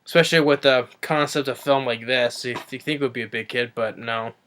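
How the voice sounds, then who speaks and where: Bright, smooth-voiced man rambling through a review. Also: mid-range voice, steady tone, brisk. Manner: rambling, with many restarts and self-corrections. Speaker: film reviewer. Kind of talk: casual spoken movie review.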